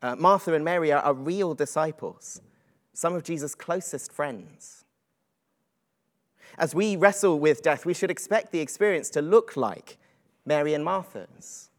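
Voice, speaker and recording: A man's voice: on the high side, unhurried. A man preaching a reflective, earnest sermon with frequent ums and uhs.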